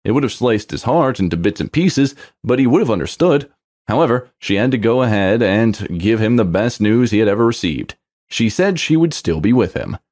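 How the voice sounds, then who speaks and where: A man reading a romance story aloud in scripted narration, with an expressive delivery. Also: fairly low pitch, moderate pace.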